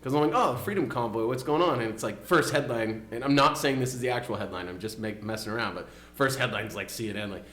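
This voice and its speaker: A man's voice: lowish voice, steady tone, fast talker, hardly any pauses, a bit bright, poor audio. A man co-hosting a podcast, chatting casually and sarcastically with frequent restarts. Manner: sarcastic, joking, rambling with restarts. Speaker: podcast co-host. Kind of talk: casual political chat.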